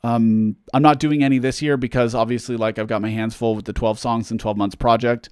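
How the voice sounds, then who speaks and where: A man's voice: mid-range voice, steady tone, brisk, a little mellow, clear, resonant tone, dry recording, studio quality. A man chatting casually on a livestream, answering fan questions in a rambling way, with lots of fillers and self-deprecating jokes.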